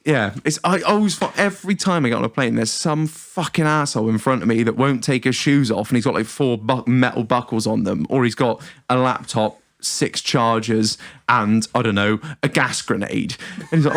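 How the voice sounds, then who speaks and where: A man's voice: mid-range voice, normal speed, fairly bright tone. A man hosting a podcast, ranting in casual banter, swearing a lot and laughing through his stories. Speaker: podcast host.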